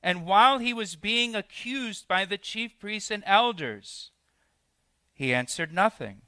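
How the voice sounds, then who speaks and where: A man's voice: high voice, lively intonation, unhurried, pushed and bright, no room sound. A man preaching an expository sermon as pastor, walking through a passage verse by verse and acting out the quoted questions.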